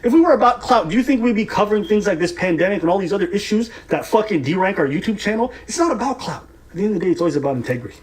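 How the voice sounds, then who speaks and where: Fast, mocking man reacting on a show. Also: high-pitched. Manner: animated, mocking, profane, laughs at his targets. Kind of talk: heated reaction commentary.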